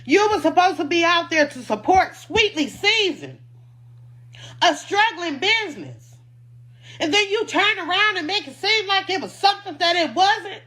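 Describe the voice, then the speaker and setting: A woman's voice: extremely high pitch, big pitch swings, normal speed, sharp tone. A woman who owns a food truck, defending herself in an emotional, indignant personal statement and repeating points for emphasis.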